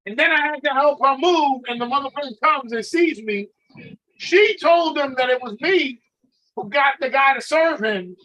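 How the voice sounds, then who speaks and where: A man telling a profane, animated story in a casual podcast chat, acting out the dialogue. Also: very high voice, moderate pace, lo-fi sound.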